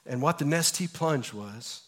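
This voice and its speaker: A pastor in his forties preaches in a church, his slightly high voice climbing during lively stories. He then drops to a quiet, earnest hush to drive his points home. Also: measured pace. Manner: animated storytelling, swinging from loud to hushed. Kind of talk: sermon.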